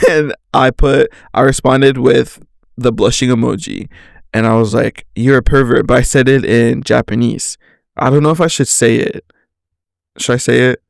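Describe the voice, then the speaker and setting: A man's voice: medium pitch, steady tone, moderate pace, gravelly, no echo, clean studio sound. A young man casually telling a rambling story on his podcast, swearing, laughing and saying "like" a lot. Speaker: podcast host.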